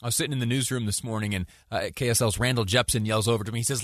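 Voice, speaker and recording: A man's voice: medium pitch, fairly even intonation, rapid-fire, few pauses, fairly bright tone, no echo, clean studio sound. A man hosting a radio news show, telling a story in a rambling, self-deprecating way with many fillers and asides. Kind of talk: talk radio monologue.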